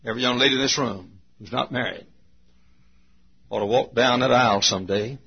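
A man preaching a sermon in a church, folksy, swinging from low asides to shouts. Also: fairly quick, husky. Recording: muffled lo-fi recording.

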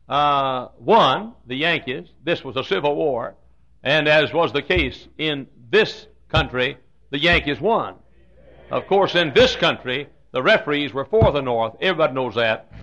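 Southern man preaching, folksy jokes, throat clearing, bright voice, dull lo-fi recording. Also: fairly high pitch. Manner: folksy, joking asides, frequent throat clearing. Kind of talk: humorous sermon storytelling. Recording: dull lo-fi sound.

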